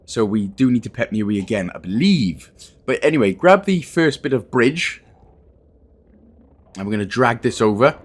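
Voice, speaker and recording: A man's voice: medium pitch, lively intonation, normal speed, pauses often. A man from Wales hosting a casual game walkthrough, chatty and self-deprecating, with jokey asides. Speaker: gaming guide host.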